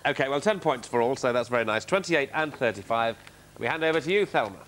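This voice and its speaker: Older man, game show host, animated pitch, faint hiss, punning banter. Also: quick pace. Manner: jokey, punning, rambling. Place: television studio.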